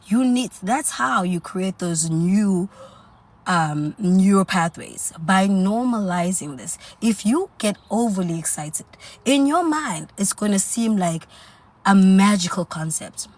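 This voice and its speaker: A woman's voice: mid-range voice, lively intonation, normal speed. Woman livestream host, casual coaching talk, sassy and chatty, quips at commenters. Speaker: self-improvement livestream host.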